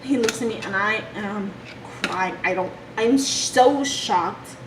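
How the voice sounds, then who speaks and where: A young woman telling a personal story from her childhood in a halting, emotional way. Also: medium pitch. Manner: emotional, halting retelling with restarts. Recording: echoey room with background noise.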